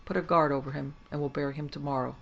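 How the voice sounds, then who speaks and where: A woman's voice: low voice, steady tone, quick pace, creaky, a bit bright, muffled recording, full character voice. A woman voicing a stern male Union officer who gives curt, commanding orders.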